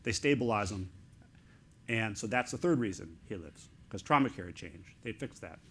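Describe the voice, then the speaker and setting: A middle-aged man, an author speaking as an interview guest, telling a story in excited, animated bursts of short fragments. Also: fairly low pitch, normal speed.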